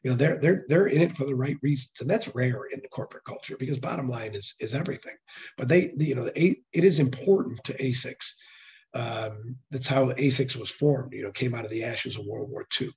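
A hoarse man, a nonprofit director, talking earnestly in a casual interview and often restarting his sentences. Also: medium pitch, brisk, darkish tone. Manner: earnest, with frequent restarts and fillers. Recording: dull lo-fi sound.

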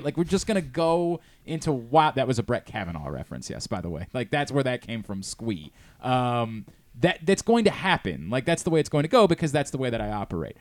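A man's voice: mid-range voice, dry recording. A male show host in casual studio chat, rambling and interrupting as he jumps from thought to thought.

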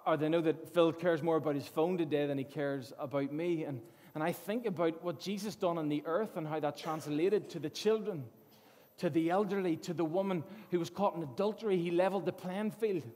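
Male preacher, high voice, earnest storytelling with frequent word repeats; long echoing hall. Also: a little mellow. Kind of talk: sermon.

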